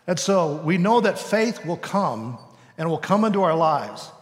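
A man's voice: high voice, sing-song, measured pace, big-room sound. A male pastor preaching a sermon in a conversational way, sometimes acting out voices.

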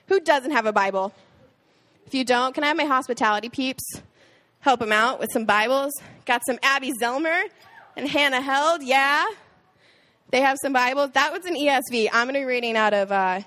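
A young woman who leads a small group gives a casual, chatty Bible talk to a youth group, peppering it with filler "likes." Her voice is fairly high in pitch and a bit bright.

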